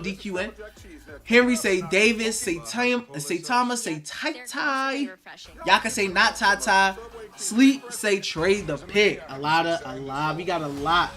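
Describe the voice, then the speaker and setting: Hyped man with a high, bright voice. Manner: hyped, restless and chatty, reading viewer comments aloud. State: nervous and excited. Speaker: live stream host. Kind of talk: live draft watch party reaction.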